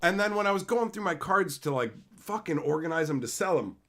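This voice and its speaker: A man hosting a livestream, ranting heatedly and profanely, swinging between loud outbursts and low mutters. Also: lively intonation, a little fast. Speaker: channel host. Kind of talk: livestream rant.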